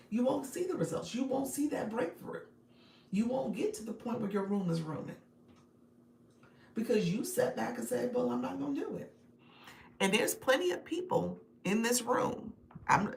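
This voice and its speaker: Here a gravelly, medium-pitched woman hosts and coaches on a live stream, reading chat in an upbeat, repetitive way, laughing often and addressing viewers by name. The sound is roomy, and she's far from the mic.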